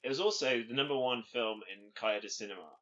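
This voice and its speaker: Man, casual podcast co-host, bright tense voice, rambling, dull lo-fi sound. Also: mid-range voice, fast. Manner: rambling, filler-heavy, laughs often. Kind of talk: casual chat.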